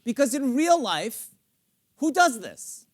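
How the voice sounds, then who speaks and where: Animated middle-aged man coaching a singer. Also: very high-pitched, takes it slowly. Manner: animated, acts out lyrics and inner thoughts, swearing, playful. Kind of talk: live masterclass coaching. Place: theater stage with studio audience.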